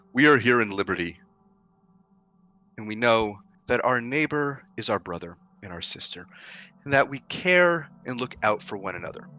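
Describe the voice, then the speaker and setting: A man voicing an aging, scarred Goliath warlord who speaks slowly and solemnly. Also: pushed and bright. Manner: slow, solemn, booming delivery.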